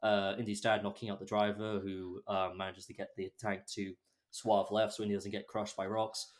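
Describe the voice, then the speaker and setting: A man's voice: fairly low pitch, little pitch movement, moderate pace. A young man hosting a podcast, chatting casually about films with many restarts and fillers. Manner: rambling, many restarts and fillers, laughs often. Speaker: podcast host. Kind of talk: casual film chat.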